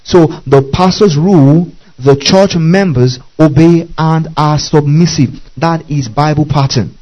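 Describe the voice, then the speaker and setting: A man's voice: fairly high pitch, unhurried, warm tone, lo-fi sound. Emphatic man preaching a teaching sermon. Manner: emphatic teaching, repeating key phrases and asking the congregation to underline. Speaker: pastor.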